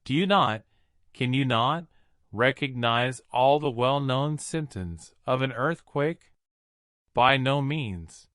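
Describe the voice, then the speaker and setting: A man reading an audiobook voices a calm elderly male professor who speaks in a measured, smiling, coolly provoking way. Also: medium pitch, dry recording, studio quality. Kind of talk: audiobook character voice.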